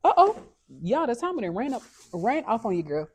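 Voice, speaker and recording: A woman's voice: fairly high pitch, sing-song, brisk, breathy edge. A young woman, hosting a casual livestream in a chatty, upbeat, motivational way, often checking in with her viewers. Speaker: livestream host and dog breeder. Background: soft background music.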